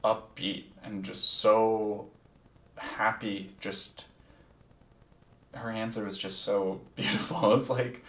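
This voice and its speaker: A man's voice: fairly low pitch, fairly even intonation, takes it slowly, long pauses, a bit bright, far from the mic. A man hosting a podcast, telling a personal story in a candid, reflective way and swearing freely. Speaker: podcast host. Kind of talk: casual first-person storytelling. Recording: roomy sound, set back from the mic.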